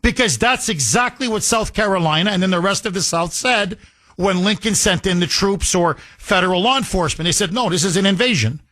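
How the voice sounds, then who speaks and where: A man's voice: high voice, brisk, a bit bright. A man hosting a political talk radio show, delivering a sarcastic, indignant monologue full of rhetorical questions and repetition. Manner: emphatic with repetition.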